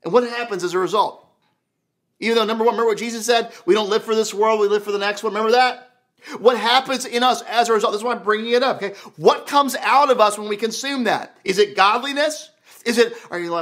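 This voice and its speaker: A pastor preaching a sermon in an animated, conversational way, full of rhetorical questions. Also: male voice, sits high, fast talker. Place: church.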